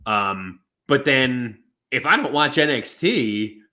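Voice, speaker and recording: Dude cohosting a podcast, talks all over the place, voice jumps up and down a lot, keeps restarting. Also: male voice, mid-range voice, slow. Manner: animated, acts out quotes in shifting voices; rambling with many restarts and fillers. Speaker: podcast co-host. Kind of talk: casual chat.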